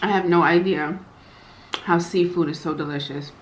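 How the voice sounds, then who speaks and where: A woman vlogging as she eats, savoring her food in slow, drawn-out casual talk, stretching and repeating words and calling her viewers y'all and you guys. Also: fairly low pitch, fairly even intonation. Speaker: mukbang vlogger. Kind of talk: casual eating vlog chat. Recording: echoey room with faint ambient noise.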